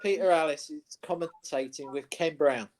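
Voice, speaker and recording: A man with a slightly higher-pitched voice co-hosts a casual sports talk show. He tells golf stories in a rambling way, full of ums and side remarks. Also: normal speed, darkish tone. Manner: rambling storyteller with many ums and asides. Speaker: co-host, former golf pro. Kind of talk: casual studio chat.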